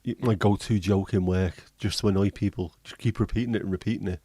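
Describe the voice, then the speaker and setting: Chatty man, low and mellow. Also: fairly even intonation, fast talker, slightly rough, no room sound. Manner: chatty, joking, swears casually. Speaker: livestream host. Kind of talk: casual chat reading viewer comments.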